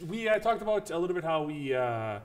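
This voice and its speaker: A man co-hosting a podcast, casually chatting about games and telling animated stories, swearing freely and acting out his own reactions. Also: fairly high pitch, fairly quick. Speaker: podcast co-host. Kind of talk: casual gaming chat.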